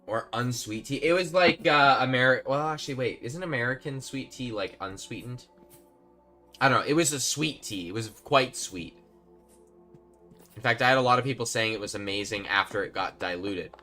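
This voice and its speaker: A man's voice: medium pitch, normal speed, sharp tone, faint music behind. A man live-streaming a game, chatting casually and rambling to his viewers while he plays. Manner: chatty, rambling, talks to chat while playing.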